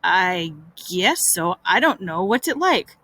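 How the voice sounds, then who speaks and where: A shy, touchy schoolgirl from a storybook, hesitant and coy, with a bright and lively voice, as a woman reads her aloud. Close, dry sound with no room echo. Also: lowish voice, takes it slowly, pitched below the performer's own voice, exaggerated voice.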